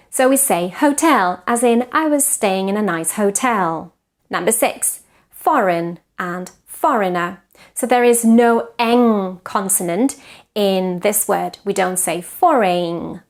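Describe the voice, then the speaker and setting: A woman teaching English pronunciation, slowly contrasting wrong and right ways to say each word. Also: medium pitch. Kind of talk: pronunciation lesson.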